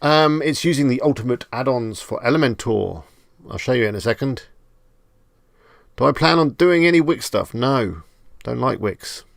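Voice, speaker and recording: Male live stream host, gravelly voice, dry close sound, relaxed and chatty, answers viewers as he goes. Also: medium pitch, moderate pace, dry recording. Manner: chatty, reads viewer comments aloud and answers them; jokey, self-amused asides. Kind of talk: casual live stream chat.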